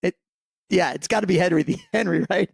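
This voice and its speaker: A man competing in a trivia quiz, thinking out loud, hesitating with fillers and laughing easily. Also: high voice, a little fast, vocal fry, breathy edge, no echo. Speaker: quiz contestant. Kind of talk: casual game banter.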